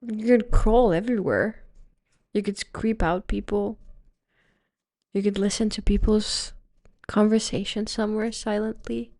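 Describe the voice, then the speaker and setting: A young woman from Estonia with an Estonian accent, co-hosting a casual podcast chat; soft-spoken and reasoned. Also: medium pitch, fairly even intonation, measured pace. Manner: soft-spoken, reasoned, self-described introvert. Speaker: podcast co-host.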